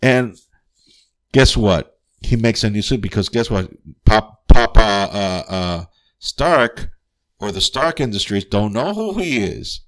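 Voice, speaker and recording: Male podcast host, lowish voice, casual profane movie recap, eager and chatty. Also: slow pace. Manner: excitable, profane, keeps asking "guess what?". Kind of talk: casual spoiler-filled movie review.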